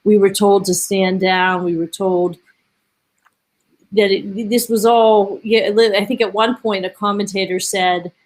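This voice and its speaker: A woman's voice: mid-range voice, fairly even intonation, poor audio. A woman joining a political talk show as a guest, speaking earnestly and correcting herself as she goes. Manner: earnest, quick, self-correcting. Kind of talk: casual panel discussion.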